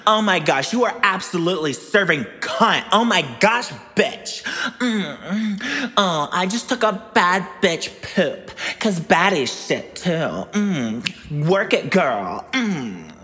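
A woman's voice: lowish voice, expressive, slow pace, a bit bright, soft background music. A woman voicing a campy, sassy diva with a drawling, purring delivery, recorded with a long reverb.

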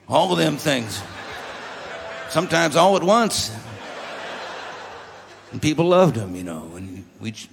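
A man's voice: mid-range voice, gravelly. An older man, a musician, telling rambling, wry stories on stage between songs with a chuckle. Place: live concert venue. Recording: long reverb of a concert hall.

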